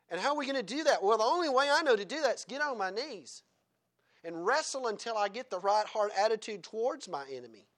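Preacher, male, high register, punchy exhortations broken by soft chuckling asides. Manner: swings between loud exhortation and quiet chuckling asides. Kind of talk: sermon.

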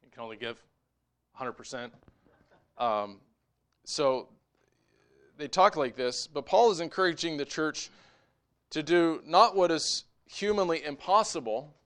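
A man preaching a sermon as pastor, moving between quiet conversational asides and raised, emphatic exhortation. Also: a little high, expressive, measured pace, pauses often, clean tone.

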